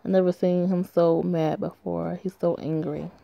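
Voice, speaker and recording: A woman reading aloud as a troubled young woman who blames herself, in a flat, low-key way. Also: moderate pace, gravelly, dull audio. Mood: despairing. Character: troubled young woman, despairing and self-blaming. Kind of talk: reading a story game aloud.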